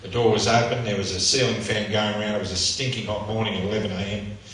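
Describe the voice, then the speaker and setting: A man's voice: lowish voice, fairly even intonation, fast, fairly bright tone. A middle-aged man, a motivational speaker, tells a vivid, emotional story and acts out the dialogue. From Australia. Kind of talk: storytelling talk. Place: church hall. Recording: echoey church hall from far off, faint noise.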